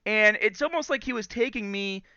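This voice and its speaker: High, bright animated male storyteller. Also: a little fast, no echo, muffled recording. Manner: animated storyteller, acts out quotes and laughs often. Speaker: podcast host. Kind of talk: casual storytelling.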